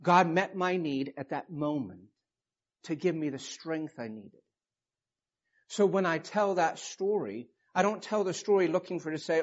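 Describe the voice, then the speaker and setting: Fifty-something pastor preaching, kinda high voice, emotional story, lo-fi muffled sound. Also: male voice, measured pace. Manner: emotional storytelling, rising to impassioned scripture reading. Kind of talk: sermon. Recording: muffled low-fidelity recording.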